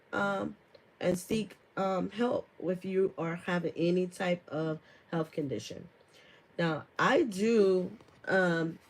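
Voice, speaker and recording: A woman's voice: lowish voice, low-quality recording. Chatty woman hosting a live stream. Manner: chatty, laughs often, many fillers; reads viewer comments aloud and answers them. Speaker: herbalist host of a live stream. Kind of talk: casual live-stream chat.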